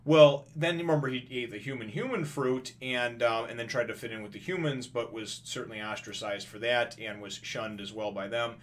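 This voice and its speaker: Brief: casual male comic reviewer, rambling and chatty, mid-pitched. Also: fairly quick, hardly any pauses. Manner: rambling, many fillers and restarts, acts out quotes. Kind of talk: casual recap.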